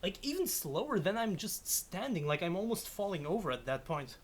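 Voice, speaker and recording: A woman's voice: on the low side, big pitch swings, brisk. Giggly, stammering woman streamer. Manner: giggly, stammers and restarts often; self-deprecating, swears when startled. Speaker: game streamer. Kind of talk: casual live-stream chat. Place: at home.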